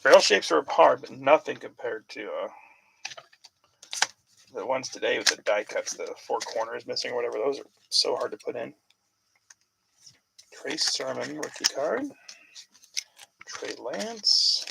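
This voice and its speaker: A man's voice: mid-range voice, lively intonation, unhurried, vocal fry, pauses often, very noisy. A man hosting a casual card break, calling out player names and rambling about football news with plenty of fillers. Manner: chatty, rambling sports talk with fillers.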